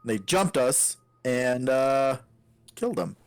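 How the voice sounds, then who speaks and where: A man who plays in a tabletop game and says what his character does in a relaxed, joking way. His pitch moves a lot, and he swears when he jokes. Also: takes it slowly, smooth, no room sound. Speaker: player. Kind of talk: casual tabletop play.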